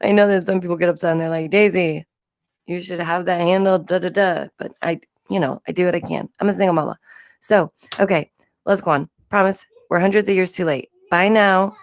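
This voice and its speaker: A woman chatting on a livestream from home, her voice sitting a little low. She rambles from point to point and laughs often. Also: fairly even intonation, a little fast, no echo, clean studio sound. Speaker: livestream host. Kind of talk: casual livestream commentary.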